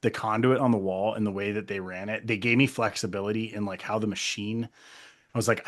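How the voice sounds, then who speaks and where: A man co-hosting a podcast in casual chat, animated, laughing often and acting out remarks. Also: on the low side, brisk. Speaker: podcast co-host.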